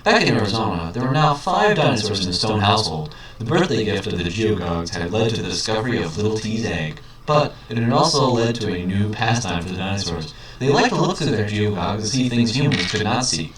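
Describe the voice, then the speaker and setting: A low-voiced man reads a children's book aloud and keeps interrupting with dry, mocking asides. He sits back from the mic in a very echoey room, and a faint hiss runs underneath. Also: brisk, hardly any pauses, far from the mic. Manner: mocking, deadpan commentary. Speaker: reader.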